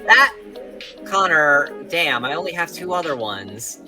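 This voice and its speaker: A young man from Long Island co-hosting a casual podcast chat, joking with dry quips and frequent halting restarts. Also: fairly high pitch, sing-song, music in the background. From Long Island, New York. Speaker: podcast co-host.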